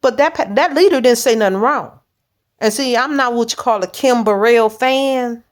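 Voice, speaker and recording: A woman's voice: a little high, moderate pace. A woman church leader preaching informally in a blunt, direct, plain-spoken way.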